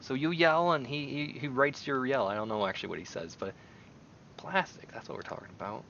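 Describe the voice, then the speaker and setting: An excitable American man rambles through casual stream commentary, dropping to near-mumbles and then jumping to loud bursts. His voice is bright and forceful. The recording sounds a bit dull, with a faint rumble underneath. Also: brisk. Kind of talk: casual commentary while browsing online.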